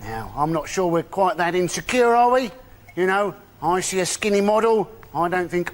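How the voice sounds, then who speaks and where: A man's voice: high-pitched, animated, moderate pace. A man delivering a wry stand-up routine as a panelist on a comedy show. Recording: loud background noise.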